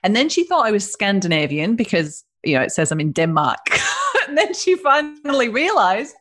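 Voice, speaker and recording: A woman's voice: mid-range voice, big pitch swings, moderate pace, a bit bright. A woman with a northern English accent, a business founder chatting informally as an interview guest. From northern England. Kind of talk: casual interview chat.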